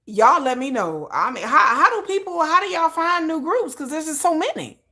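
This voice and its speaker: High, bright, chatty woman vlogger. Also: normal speed. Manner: chatty, slangy, animated asides. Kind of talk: casual pop-music chat.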